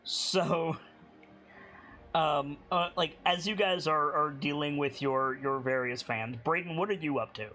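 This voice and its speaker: A man narrating a tabletop game as game master, chatty and halting, with frequent swearing and laughter. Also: on the high side, pushed and bright.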